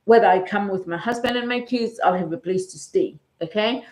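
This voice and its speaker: A woman's voice: medium pitch, fairly quick, a little mellow. A middle-aged woman with a South African accent, telling a personal story to her vlog viewers in a chatty way, often checking in with "okay?", and close to tears. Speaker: vlogger. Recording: roomy echo.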